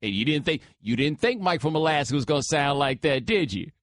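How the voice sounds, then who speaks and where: A man's voice, a bit high for a man, speaking into a dry studio microphone with no room sound. He hosts a sports radio call-in show and talks loose and slangy, addressing callers directly. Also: expressive, brisk, no room sound.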